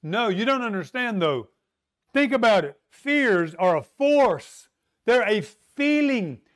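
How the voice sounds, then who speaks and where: A man delivers a sermon at an unhurried pace, his voice pitched very high yet smooth and resonant. He leans on rhetorical questions and long pauses, sometimes dropping to a softer, more intimate tone. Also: sing-song. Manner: slow, emphatic preaching with dramatic pauses and rhetorical questions. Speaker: preacher.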